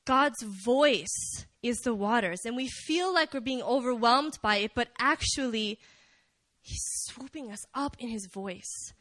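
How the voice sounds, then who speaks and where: A young woman preaching casually at a prayer meeting, animated and chatty, joking with the listeners. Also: a little high, measured pace, no echo. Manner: animated, chatty, jokes with the crowd. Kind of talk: casual sermon.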